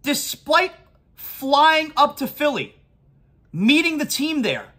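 A man's voice: very high-pitched, big pitch swings, slow pace, bright, forceful tone. A man hosting a sports talk show, ranting emphatically and repeating his key points. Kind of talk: sports talk podcast rant.

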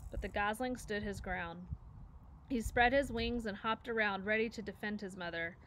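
A woman's voice: mid-range voice, normal speed. A woman reading a children's story aloud, narrating expressively and acting out each character. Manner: expressive, acts out voices. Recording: faint background noise.

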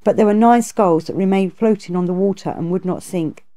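A woman's voice: medium pitch, a little fast, mellow, close to an everyday voice. A woman reading aloud, voicing a remorseful male river monster confessing his past. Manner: confessing, earnest.

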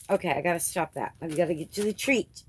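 A woman's voice: lowish voice, expressive, a little fast, a little hiss or hum. A woman hosting her crafting channel, chatting casually through an unboxing and gushing over each item with little gasps.

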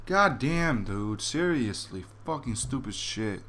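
A man's voice: medium pitch, lively intonation, slow, sharp tone, slight background noise. A young man playing a football video game, ranting and swearing in frustration. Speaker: gamer. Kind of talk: live gameplay commentary.

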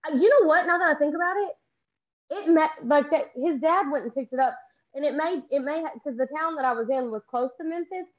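Fast-talking Southern woman, lo-fi. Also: sits high. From Texas. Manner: very fast, profane storytelling. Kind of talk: casual chat.

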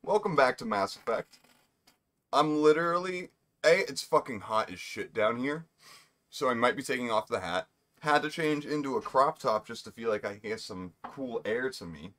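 While streaming a video game, a young man rambles through casual commentary, cracking jokes to himself. His medium-pitched voice is expressive and slightly bright, at a moderate pace.

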